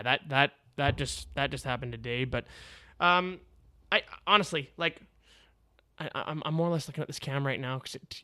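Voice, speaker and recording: A man's voice: medium pitch, gravelly, bright, forceful tone, no room sound. A man hosting his own podcast, telling a story casually and with energy, swearing freely and laughing as he talks, recorded on a video camera on a tripod. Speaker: podcast host.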